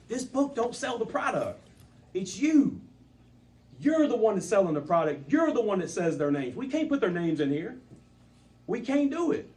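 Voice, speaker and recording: A man leads a sales training session in front of a group, his fairly high voice pushing points home through repetition and rising emphasis. He is picked up from a distance, and a faint hum sits under his voice. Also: animated, moderate pace.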